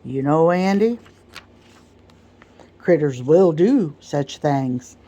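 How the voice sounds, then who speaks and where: A sly servant man full of playful cunning, drawling his words in a thick dialect, as a woman puts him on in whispered role-play. The voice sits low and soft for a storybook reading. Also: lively intonation, very slow, full character voice. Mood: scheming. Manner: dialect-heavy, drawling, teasing.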